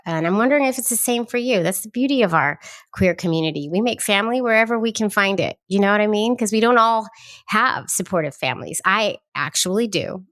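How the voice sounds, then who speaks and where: A woman's voice: mid-range voice, no room sound, studio quality. Bubbly woman podcast host. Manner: bubbly, effusive, animated. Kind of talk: casual podcast hosting.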